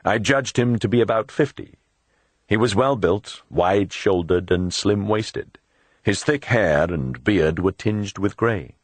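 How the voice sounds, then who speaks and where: A man narrating a memoir audiobook in a measured, scripted delivery, lightly voicing the characters in dialogue. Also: on the low side, no echo.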